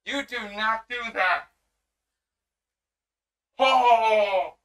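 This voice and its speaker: A reaction video host giving casual, expressive and profane commentary straight to the viewers. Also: medium pitch, measured pace, vocal fry.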